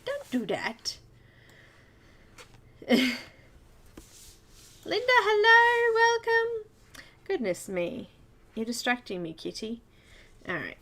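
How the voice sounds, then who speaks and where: Woman, Australian accent, live-stream host, chatty, giggly, slow unhurried pace. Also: mid-range voice, slight background noise. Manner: chatty, giggly, greets viewers by name. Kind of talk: casual live-stream chat.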